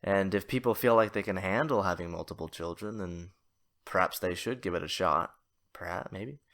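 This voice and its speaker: Here the man hosting a casual solo podcast uses a low, fairly bright, somewhat nasal voice at normal speed. He wanders through his monologue, putting himself down, with many fillers and restarts.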